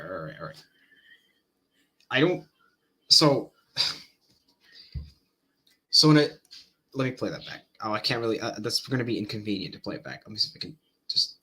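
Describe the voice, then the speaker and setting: A man commenting on a debate clip in casual chat, thinking aloud, halting and repeating words as he goes. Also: lowish voice, pushed and bright.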